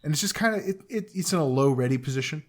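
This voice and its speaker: A man co-hosting a podcast, casually recapping a TV episode and acting out the characters' lines in quick impressions. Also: a little high, expressive. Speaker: podcast co-host.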